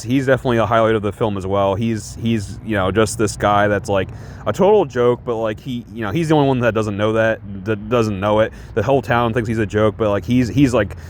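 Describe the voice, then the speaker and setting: A man's voice: lowish voice, slight background noise. A man casually talking through a movie he reviews, rambling with lots of fillers and restarts and chuckling often. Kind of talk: casual film review chat.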